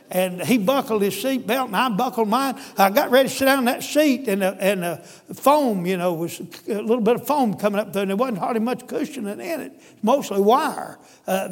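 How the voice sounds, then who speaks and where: An older man preaches with a drawl in a high, folksy voice, swinging from fervent shouts down to quiet pleading. His sermon rings out with a long reverb, as if filling a church hall. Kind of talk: storytelling sermon.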